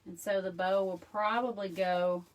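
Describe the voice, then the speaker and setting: A woman's voice: medium pitch, steady tone, a little slow. Woman, chatty craft-tutorial host, laughs often, a little far from the mic in a home craft room. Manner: chatty and self-deprecating, laughs often, addresses viewers as y'all. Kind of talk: casual craft tutorial chat.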